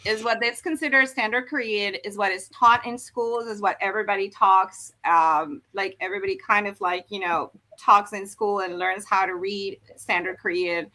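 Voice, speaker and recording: A woman hosts a casual live stream explaining Korean dialects, chatting through the language points with many fillers and restarts. Her mid-range voice is pushed and bright, steady in tone, at normal speed with hardly any pauses.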